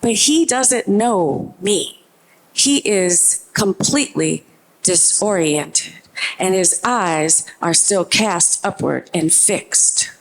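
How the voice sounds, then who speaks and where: A middle-aged woman telling a personal story on stage into a handheld microphone, vivid and earnest, slowing into tense pauses. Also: medium pitch, animated.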